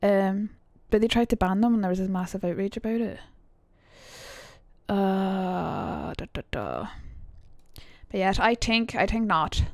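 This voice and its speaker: A woman's voice: medium pitch, animated, measured pace, pauses often, no room sound. A woman streamer chatting casually and rambling as she reacts to her chat during a live stream, speaking into a streaming mic.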